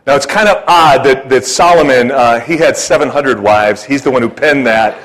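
A man's voice: medium pitch, a bit bright, low-quality recording. A man preaching a casual, joking sermon to a church congregation, stumbling through fillers and restarts. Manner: folksy, joking, halting with many fillers and restarts. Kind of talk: conversational sermon.

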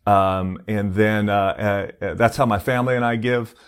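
Relaxed, filler-heavy male pastor. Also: fairly low pitch, normal speed, clean tone. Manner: conversational, many fillers and restarts. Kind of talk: casual sermon.

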